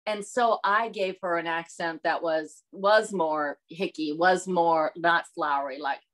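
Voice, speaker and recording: A middle-aged Southern American actress, appearing as a guest in a casual interview, talks through her work in a lowish voice at a measured pace. She's animated and laughs often, acting out quotes by slipping into other people's voices.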